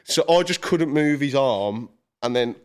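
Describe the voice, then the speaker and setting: A man telling an animated story as a podcast guest, swearing and laughing as he goes. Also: mid-range voice, measured pace, smooth. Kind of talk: casual chat, storytelling.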